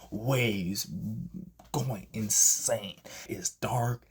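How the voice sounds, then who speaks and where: A young vlogger tells a personal story in a casual video, his voice lowish, husky, and very slow. He's animated, acting out the people he quotes with sudden, big jumps in voice.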